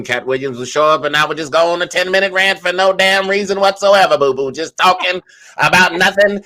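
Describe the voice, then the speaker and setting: A man's voice: a little high, sharp tone. Rambling, storytelling man. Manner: rambling, storytelling, many restarts. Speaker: podcast co-host. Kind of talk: casual chat.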